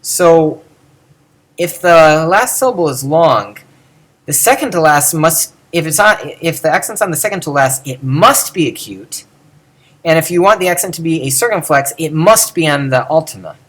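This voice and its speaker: A man's voice: fairly high pitch, expressive, normal speed, fairly bright tone. A man giving a casual lecture, musing aloud and often correcting himself with many ums. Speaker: teacher.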